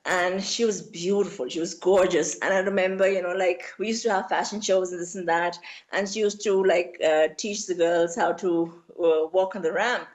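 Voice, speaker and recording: A woman's voice: on the low side, fairly even intonation, normal speed. A woman in her forties from Pakistan with a Pakistani English accent, a guest telling stories in an interview, chatty and rambling with lots of "you know" and "like" fillers. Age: 40s. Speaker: interview guest, beauty influencer. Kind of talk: casual interview talk.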